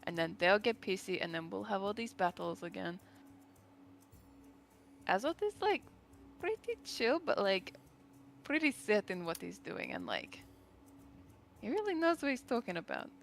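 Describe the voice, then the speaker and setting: A woman's voice: medium pitch, big pitch swings, moderate pace, vocal fry, long pauses, soft background music. A woman playing in a tabletop role-playing game, talking in a chatty, rambling way full of fillers. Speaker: player. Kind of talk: casual chat at a tabletop game.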